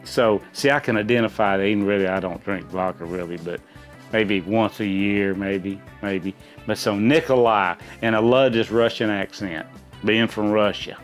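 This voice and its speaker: A middle-aged dad, a gamer's father, hosts a casual trivia chat, answering questions with rambling, folksy explanations. His voice is on the low side, steady in tone and moderately paced, with faint music behind.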